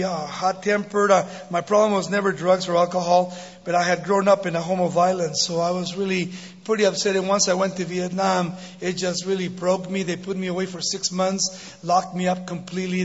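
Older guy preaching in a church, husky higher voice, echoey hall, kinda dull sound. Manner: animated storyteller, laughs often. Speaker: guest preacher. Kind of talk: sermon with jokes and testimony. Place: church sanctuary. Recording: dull recording in a big reverberant hall.

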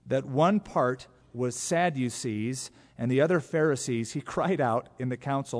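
A pastor preaching an expository sermon, animated, acting out quotes from scripture in different voices. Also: male voice, mid-range voice, a little slow, few pauses. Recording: long hall reverb.

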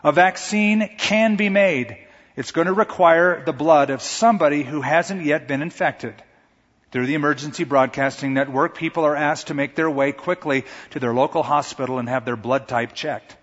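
Man, pastor, dramatic sermon storytelling, fairly high voice, long hall reverb, dull lo-fi sound. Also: fairly bright tone. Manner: vivid, dramatic storytelling with rising intensity.

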